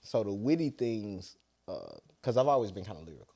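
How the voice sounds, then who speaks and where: This rapper guest, a young man from Atlanta, USA, with a Southern accent, speaks briskly in a warm, sing-song voice on the low side, with vocal fry. He chats loosely through a casual interview and trails off at the ends of thoughts.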